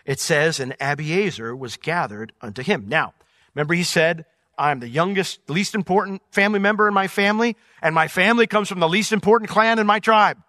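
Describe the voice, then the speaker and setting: A man teaching through a Bible passage verse by verse, swinging between loud emphatic points and quiet asides. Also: high-pitched, dry recording, clean studio sound. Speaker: pastor.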